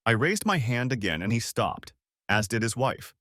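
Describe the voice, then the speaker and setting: A man reading a first-person story as scripted narration, in a dramatic, expressive way. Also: on the low side, normal speed, no room sound, clean studio sound.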